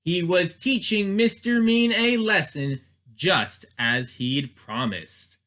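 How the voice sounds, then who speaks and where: A man's voice: high-pitched, lively intonation, slow pace, pushed and bright. A man, a children's librarian, reading a storybook aloud expressively and asking the listeners questions.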